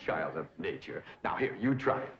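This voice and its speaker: An actor playing a pompous, theatrical young society dandy with flowery speech. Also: male voice, extremely low pitch, big pitch swings, normal speed, fairly bright tone, heavily acted. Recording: dull old TV sound.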